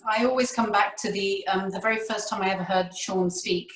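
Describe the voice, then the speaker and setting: A British woman with crisp RP speech talks things through in a reflective, wry way. Her voice sits at a middling pitch. It comes over a video call from a step back in a roomy space. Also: steady tone, fairly quick, fairly bright tone. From Britain. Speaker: audiobook narrator guest. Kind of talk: casual panel chat. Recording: roomy, distant mic.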